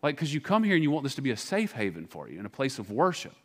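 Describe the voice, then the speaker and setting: A man's voice: medium pitch, wildly swooping pitch, racing, fairly bright tone. A man, a pastor preaching a sermon in a church, talking in a candid, conversational way with many restarts and fillers. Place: church sanctuary.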